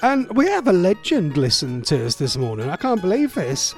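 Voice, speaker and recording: A man's voice: high voice, wildly swooping pitch, moderate pace, faint music behind. A middle-aged man hosting a radio show in casual, rambling, jokey chat. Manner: rambling, chatty, loose and jokey. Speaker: radio host.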